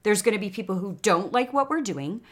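A woman's voice: medium pitch, animated, fairly quick. A woman from Chicago hosting a motivational podcast, chatty and encouraging in a casual monologue. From Chicago, United States. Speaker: podcast host. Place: Texas.

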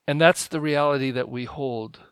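A male pastor giving a conversational homily, telling stories and getting animated when he quotes people. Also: mid-range voice, normal speed, smooth, no echo. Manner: storytelling, animated when quoting others.

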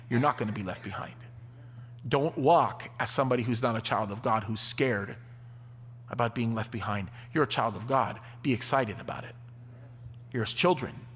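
A man preaching a sermon, telling stories in an animated way. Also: mid-range voice, a little hiss or hum. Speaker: pastor. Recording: long hall reverb.

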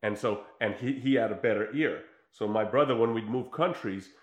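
A middle-aged man whose first language is Croatian, telling stories in a rambling, animated way with many fillers. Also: fairly low pitch, normal speed. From United States and former Yugoslavia. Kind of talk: casual chat. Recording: roomy echo.

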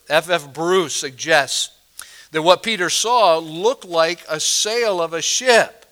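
A pastor preaching a sermon, explaining a passage verse by verse and asking the congregation questions, moving between loud emphasis and quiet asides. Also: male voice, high voice. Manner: expository, asks the congregation questions.

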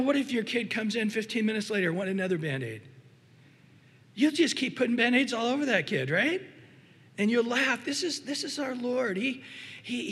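Animated preacher man, high voice. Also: big-room sound. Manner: animated preaching, acts out voices, many restarts. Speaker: pastor. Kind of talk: sermon.

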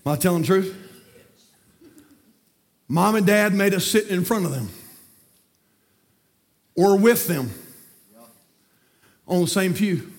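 A man preaching a fiery sermon, folksy and repetitive, swinging from quiet talk to shouting. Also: high voice, lively intonation, takes it slowly, long pauses. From North Carolina, USA. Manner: folksy, repeats words. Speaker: pastor.

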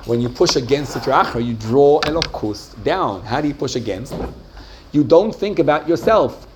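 A male teacher leads a Jewish class, asking his students question after question and drawing out key points slowly. His voice sits at an ordinary pitch, with faint noise in the background. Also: animated. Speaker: religious teacher.

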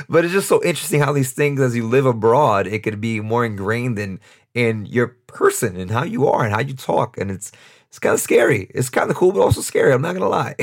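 A young man with a New York accent, hosting a casual solo podcast and talking in a rambling, off-the-cuff way with frequent laughs. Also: mid-range voice. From United States, New York. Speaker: podcast host.

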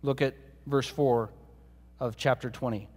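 A man's voice: medium pitch, fairly even intonation, measured pace, darkish tone, in a large hall. A man preaching a sermon in a conversational way, often putting rhetorical questions to his listeners.

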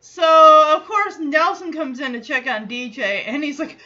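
A woman hosting a fan podcast, recapping a sitcom episode in a casual, animated way with chatty asides. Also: sits high, measured pace, dull audio. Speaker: podcast host.

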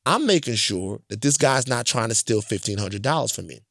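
Brief: man doing his stern contractor dad, firm, deliberate, dry close sound. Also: medium pitch, animated, creaky, a bit bright, no echo. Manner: firm and deliberate, slow for emphasis. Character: stern working father standing his ground, middle-aged man.

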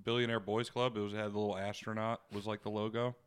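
A man's voice: fairly low pitch, flat delivery, fast, clean tone. A man co-hosting a podcast, talking in a loose, profane, jokey way. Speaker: podcast co-host. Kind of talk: casual chat.

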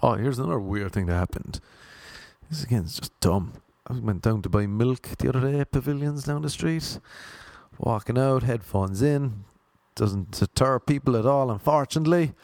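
A young Irish man telling funny anecdotes in a deadpan, sardonic way. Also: mid-range voice, normal speed, gravelly, no echo. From Ireland. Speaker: vlogger. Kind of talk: casual storytelling monologue.

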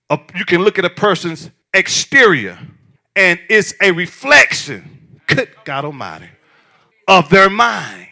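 Man, pastor, lively sermon, high voice, repeats lines, shouts for emphasis. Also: a little slow, creaky.

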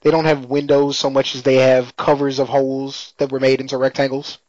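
A man's voice: mid-range voice, little pitch movement, brisk, darkish tone, dry recording. Laid-back slangy man, dry muffled sound. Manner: slangy, laid-back storytelling with frequent laughs. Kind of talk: casual chat recapping a TV episode. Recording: dry, slightly muffled lo-fi audio.

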